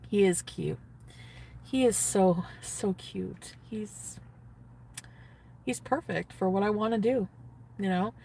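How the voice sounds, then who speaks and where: A woman's voice: mid-range voice, slow, creaky, pauses often, mellow, distant mic, a little hiss or hum. Giddy woman livestreaming from a car. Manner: giddy, gushing, reads and answers chat. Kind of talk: casual livestream chat. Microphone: phone.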